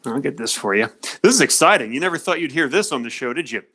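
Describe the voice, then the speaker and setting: A man's voice: mid-range voice, expressive, quick pace, sharp tone, slightly rough. A man hosting a call-in radio show from his home office, talking casually into a cell phone in an easygoing, jokey way and chuckling often.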